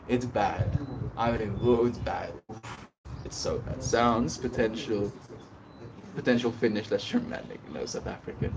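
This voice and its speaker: Recorded from a distance and a bit off-mic, a man with a mid-range voice livestreams amid clear background noise. He keeps things casual, laughing as he goes through his chat's messages and answers them.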